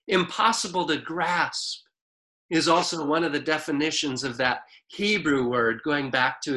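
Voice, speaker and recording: Slow, bright-voiced male preacher. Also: a little high, rough recording. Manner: unhurried, conversational preaching with a few restarts; reads scripture slowly and deliberately. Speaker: pastor. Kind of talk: sermon.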